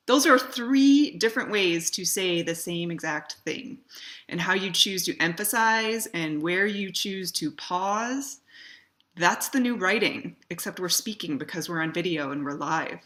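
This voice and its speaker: A woman speaks to camera in a relaxed, conversational way, leaning on key words for emphasis. Her voice sits a little low, with a bright, forceful edge. She gives friendly practical advice on speaking for video. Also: measured pace. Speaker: community founder giving video advice. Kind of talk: casual direct-to-camera talk.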